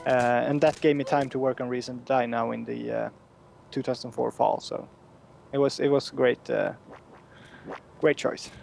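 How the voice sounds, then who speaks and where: A man's voice: mid-range voice, fairly even intonation, moderate pace, creaky, pauses often, a little mellow, soft background music. A young man from Sweden with a Swedish accent, a guest developer speaking hesitantly and searching for English words. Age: young adult. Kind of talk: casual interview chat. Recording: faint background noise.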